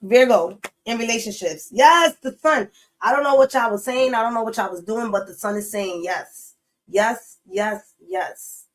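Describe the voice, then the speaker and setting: A woman gives her viewers a casual, chatty tarot reading, speaking bluntly, swearing freely, and driving points home through repetition. Her voice is a little high at normal speed, and the audio quality is poor.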